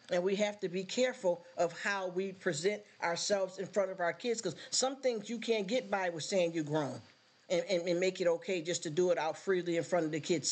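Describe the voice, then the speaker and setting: A woman chatting casually to viewers on a livestream, rambling and earnest, often turning to ask if they follow her. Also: fairly low pitch. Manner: emotional, near tears when thanking viewers.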